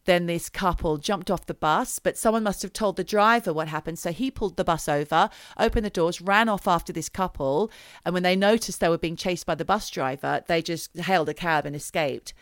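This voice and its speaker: A woman's voice: lowish voice, dry recording, studio quality. A woman co-hosting a podcast who tells a true crime story in a chatty, dramatic way. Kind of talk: casual storytelling chat.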